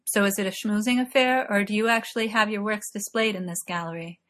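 A polite, reserved young man with a dry, measured and faintly formal way of speaking, as a woman narrator puts him on in a storybook reading. The pitch sits mid-range. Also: fairly even intonation, a bit bright, close to an everyday voice. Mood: curious.

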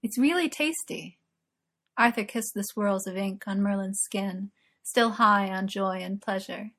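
A woman reading an audiobook as narrator, in a calm, even storytelling manner. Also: medium pitch, measured pace. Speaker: audiobook reader. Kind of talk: scripted narration.

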